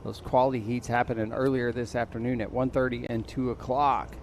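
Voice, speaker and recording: Over the PA at an outdoor mountain bike race, a medium-pitched male announcer rattles off results and rider call-ups with quick, energetic delivery. A little hiss or hum sits under the recording.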